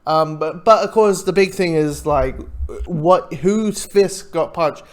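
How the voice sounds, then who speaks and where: A man talks through a TV review in a loose, conversational way, restarting sentences and chuckling as he goes. His voice sits a little higher than most men's. He sounds relaxed and unscripted. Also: takes it slowly. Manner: rambling, self-interrupting, chuckles often. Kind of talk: casual spoken review.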